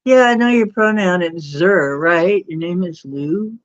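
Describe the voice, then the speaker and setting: A woman's voice: on the low side, a little slow. A woman hosting a casual livestream chat, scornful and mocking, laughing often. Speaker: livestream host. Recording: dull lo-fi stream audio.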